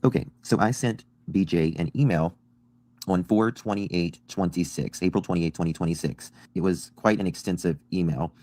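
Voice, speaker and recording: A man calmly and insistently reading out an email he sent, correcting claims about himself. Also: sits low, moderate pace, no room sound.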